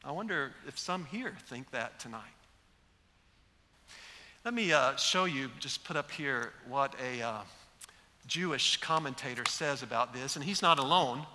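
Preaching to a large congregation in a big church sanctuary, a man animates the story and acts out the quoted speech. He speaks unhurriedly in an expressive, medium-pitched voice with a sharp tone, captured in an echoey hall.

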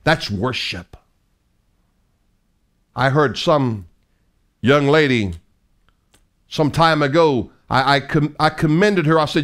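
A man's voice: fairly high pitch, takes it slowly, pauses often, a bit bright. A middle-aged man preaching a fiery sermon as an evangelist, emphatic and mocking, full of rhetorical questions.

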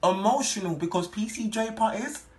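A man playing an eager schoolteacher in a comedy skit, brisk and lecturing. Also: high voice, natural voice. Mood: teacherly. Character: eager male British secondary school teacher.

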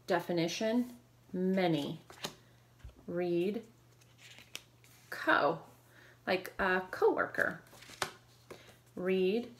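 Low-voiced woman teaching phonics. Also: slight background noise. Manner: brisk drill prompts with quick praise. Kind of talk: phonics lesson.

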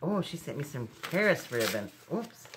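A woman's voice: deep voice, sing-song, moderate pace, noisy background. A middle-aged woman chatting casually as she unboxes craft gifts, gushing over each item. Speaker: crafting channel host.

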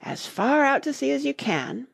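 A woman voicing a sorrowful male sea creature, tearful and then wildly excited, in a storybook reading. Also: mid-range voice, normal speed, gravelly, dry recording, clean studio sound.

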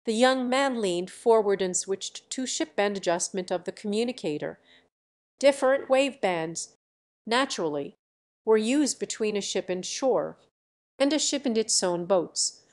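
A woman's voice: mid-range voice, lively intonation, unhurried, a little mellow. Woman narrating a science fiction audiobook.

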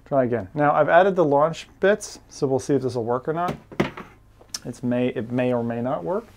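A man's voice: mid-range voice, moderate pace, darkish tone, slight background noise. A man streaming a VR game, chatting casually and reading viewer messages aloud. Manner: rambling, chatty, reads chat aloud. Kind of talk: casual live-stream chat.

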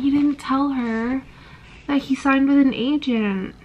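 A woman's voice: sits high, steady tone, slow pace, lo-fi sound, a little hiss or hum. A young woman vlogging about a book she is reading, emotional and gushing, sighing often. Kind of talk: casual reading vlog.

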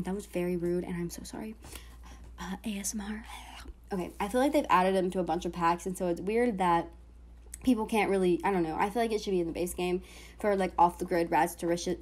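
A woman's voice: medium pitch, a little mellow. A young woman chatting casually over her gameplay as a vlogger, rambling with lots of filler words. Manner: chatty, rambling, heavy use of "like". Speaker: gaming YouTuber.

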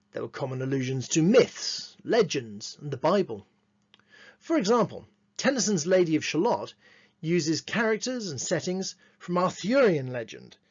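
A man giving a lesson on literature, reading quotations slowly and adding dry, wry asides. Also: on the high side. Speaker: teacher. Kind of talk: lesson with read-aloud quotations. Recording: dull lo-fi recording.

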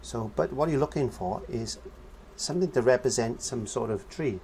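Man, casual painting teacher, natural mid pitch, rambling and friendly, hums while working, faint background hum. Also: normal speed, gravelly, darkish tone. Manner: chatty, hums and sings nonsense syllables while painting.

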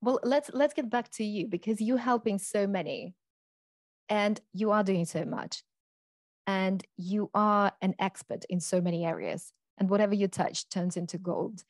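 A woman's voice: mid-range voice, fairly even intonation, normal speed, no room sound, studio quality. A woman in her thirties hosting an interview, asking questions with effusive praise. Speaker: podcast host.

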